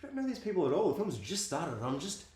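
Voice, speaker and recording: A male co-host talks about films in a casual, rambling way, his pitch rising and falling a lot. His middling voice carries a roomy echo. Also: fast. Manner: animated and rambling, full of fillers. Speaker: podcast co-host. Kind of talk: casual film discussion.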